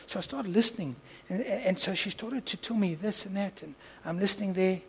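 A man preaching, telling a story and acting out its dialogue, moving between soft asides and loud impassioned peaks. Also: high voice, a little fast, hardly any pauses, slightly rough, poor audio. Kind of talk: storytelling sermon.

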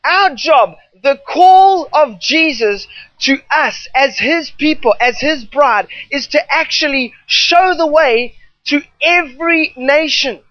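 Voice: sits high, animated, slow, fairly bright tone, dry recording, muffled recording. A preacher delivering a sermon to a gathering, talking in an emphatic, repetitive way with rambling asides.

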